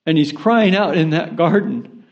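A man's voice: on the high side, unhurried, vocal fry. Earnest male preacher, lo-fi sound. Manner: earnest, rising to impassioned preaching. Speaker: pastor. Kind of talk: sermon.

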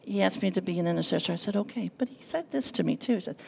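A woman giving an earnest, emotional personal testimony from a church pulpit, telling her story with lively quoted dialogue. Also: medium pitch, racing, gravelly, few pauses, husky. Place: church sanctuary.

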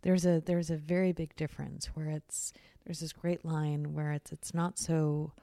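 A woman with a low, mellow voice talks frankly in a relaxed, candid conversation. She swears freely and slips into little acted-out voices when she quotes people. The recording is dry and close. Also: unhurried, dry recording.

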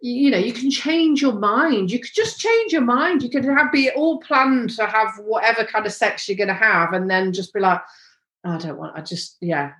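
A woman's voice: a little high, normal speed, hardly any pauses, fairly bright tone, echoey room. A woman speaking frankly as a podcast guest in casual conversation, earnest, with many restarts. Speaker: podcast guest, sex expert.

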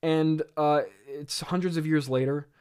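A man's voice: a little high, fairly even intonation, unhurried, darkish tone, clean tone. A man hosting a podcast, talking in a rambling, laughing way full of fillers. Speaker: podcast host. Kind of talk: casual comedic commentary.

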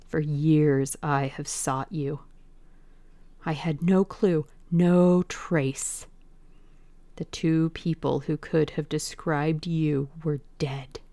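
A woman voicing a vengeful young sailor who growls low, half-whispered threats in a dramatized audiobook reading. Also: dark tone, dry recording.

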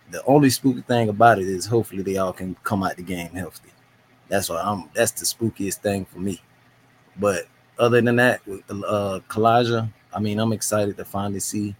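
Relaxed low-voiced man. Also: a little hiss or hum, low-quality recording. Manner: relaxed, measured, many fillers. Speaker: podcast co-host. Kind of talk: casual sports chat.

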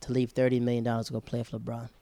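A man's voice: medium pitch, completely flat delivery, racing, warm tone. A man in casual chat as podcast co-host, rambling and chatty, often correcting himself.

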